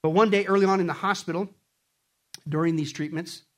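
High-voiced preacher guy, big swings from yelling to hushed. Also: brisk. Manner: animated, swings from shouting to quiet. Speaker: pastor. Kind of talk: sermon.

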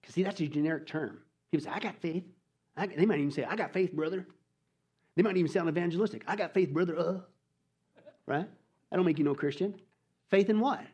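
A man preaching a verse-by-verse sermon as a pastor, emphatic and colloquial, firing rhetorical questions and swinging between loud bursts and quiet asides. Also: on the high side, fast, long pauses, breathy edge. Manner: colloquial preaching with mock voices. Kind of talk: expository sermon.

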